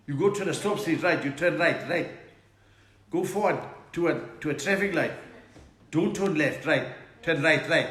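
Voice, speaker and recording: A flustered male Durban local barks directions fast and loud, looping back on himself with "right, right", put on by a South African man. The voice rides higher than a plain speaking voice. The room sounds echoey. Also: natural voice. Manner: loud, rapid, repeats "right".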